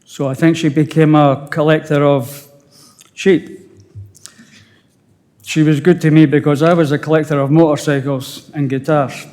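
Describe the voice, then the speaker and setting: An older man with a Scottish accent, a widower giving a halting, emotional funeral eulogy with touches of dry humour. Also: a little high, flat delivery, darkish tone, in a large hall. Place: funeral service.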